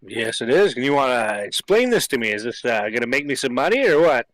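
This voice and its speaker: A man's voice: medium pitch, very animated, fairly quick, a bit bright. A man playing a tabletop game, brash and joking with the table. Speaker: player. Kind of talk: tabletop role-play.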